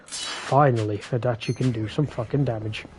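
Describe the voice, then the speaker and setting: A man's voice: medium pitch, steady tone, normal speed, noisy background. A man doing casual live commentary over a game, bickering and swearing with his chat. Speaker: game streamer. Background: game music.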